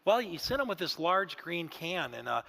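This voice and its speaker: A man's voice: fairly high pitch, sing-song, moderate pace, creaky, bright, forceful tone. A man preaching a sermon in a church, telling stories in a folksy way and often saying "man". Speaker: pastor. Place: church sanctuary.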